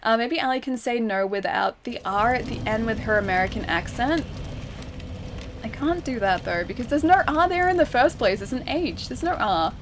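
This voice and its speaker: A woman's voice: fairly high pitch, lively intonation, normal speed, background noise. A woman streamer chatting casually while she plays a game, reading viewer messages aloud and laughing often. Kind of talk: casual live-stream chat while gaming.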